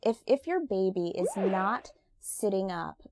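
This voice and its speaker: Unhurried and sing-song, with a darkish medium-pitched tone, a female speech-language pathologist talks through infant speech development in a friendly, casual chat. She is emphatic and uses absolutely a lot, and there is a little hiss or hum in the audio.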